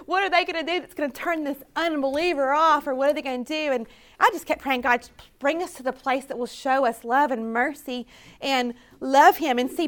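A woman's voice: high-pitched, a bit bright. A woman telling her faith story at a conference, earnest and storytelling, quoting her own prayers. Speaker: conference speaker. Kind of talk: personal testimony talk.

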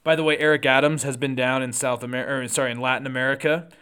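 A man hosting a solo political podcast, talking through the news conversationally with quick asides and self-corrections. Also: medium pitch, fairly even intonation, bright, forceful tone, clear, resonant tone.

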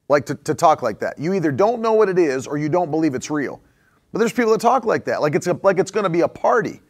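A man preaching a conversational sermon as a pastor. He repeats phrases for emphasis and chuckles often. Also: on the high side.

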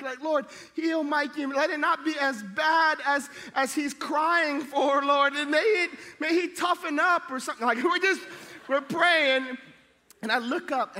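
In a big-sounding room, a middle-aged pastor with a very high voice preaches with lively storytelling, joking around and performing the voices of the people in his anecdotes.

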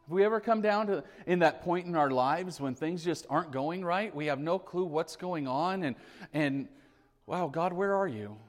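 An earnest male preacher telling a story from the pulpit, his fairly high voice swelling and dropping for emphasis. Words often repeat as he builds a point. A long reverb rings through the large hall. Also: moderate pace, faint music behind. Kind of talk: sermon with storytelling.

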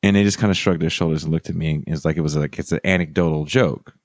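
Podcast host, man with a very low voice, sardonic and casual, dry close sound. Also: fairly even intonation, fast talker, dry recording. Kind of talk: casual storytelling.

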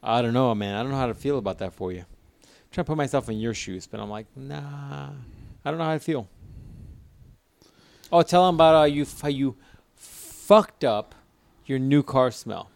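A man's voice: medium pitch, expressive, fairly quick, no room sound. A man co-hosting a podcast in crude, casual banter, riffing and acting out other people in quoted voices.

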